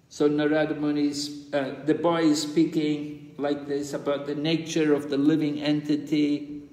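A man gives a scripture lecture in a fairly high voice, patient and explanatory, circling back to repeat his main points. His voice rings out with a long, roomy reverb, as in a big hall. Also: a little mellow. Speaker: spiritual teacher giving a course class. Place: large hall at a pilgrimage site in India.

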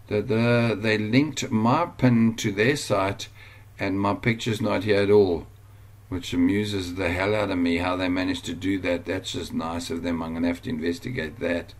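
A man with a low-pitched voice talks through a casual screen-share tutorial at home. He rambles and goes off on tangents. He sounds easily amused as he teaches. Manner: chatty, digressive, easily amused. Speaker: online business trainer.

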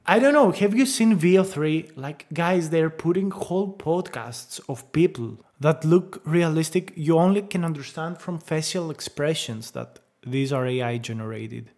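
A tech video creator giving excitable, gushing commentary over a screen recording, with frequent exclamations and casual swearing. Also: medium pitch.

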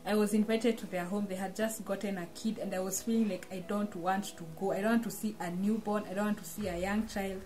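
A young woman sharing a personal testimony, telling her story earnestly and with deep emotion. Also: fairly even intonation, a little fast, hardly any pauses, a little mellow. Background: music.

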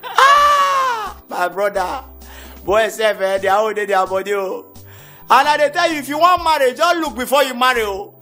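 A Nigerian man doing a stand-up comedy routine in Nigerian Pidgin English, animated and shouting out his punchlines. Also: high-pitched, a little fast. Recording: comedy CD with music behind.

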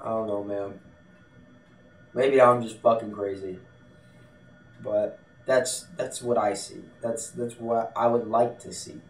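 A man's voice: fairly low pitch, steady tone, slow, long pauses. A man vlogging to camera, telling a story in a blunt, casual way and swearing freely. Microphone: desktop USB mic. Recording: echoey room, distant from the mic.

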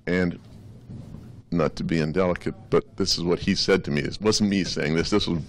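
A man in his sixties with a big deep voice, a radio DJ telling a rambling, hesitant story at a restaurant gathering. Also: fairly even intonation, normal speed, a little hiss or hum. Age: 60s. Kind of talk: after-dinner tribute speech.

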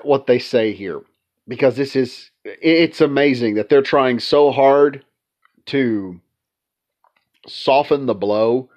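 A man hosts casual video game commentary with a stuffed-up, congested nose. He sounds sarcastic and hammers his points home by repeating them. His voice sits at an ordinary middle pitch, and the recording is dull and lo-fi. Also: a little mellow. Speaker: commentary channel host.

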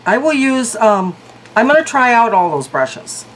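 A woman's voice: a little high, very animated, measured pace, a little hiss or hum, low-quality recording. A woman reviewing beauty products in a casual vlog, chatty and thinking aloud. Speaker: beauty vlogger.

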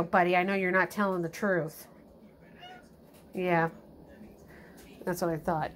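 A woman's voice: medium pitch, moderate pace, long pauses, a bit bright. A woman at home talking playfully to her pets, teasing them and speaking to them like children. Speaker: pet owner filming her pets. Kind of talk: casual chat with pets.

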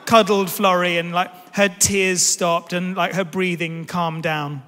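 A man in his thirties giving a sermon, telling a family story as an animated, self-deprecating storyteller. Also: high voice, a little slow. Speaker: pastor. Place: large church hall. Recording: reverberant church hall.

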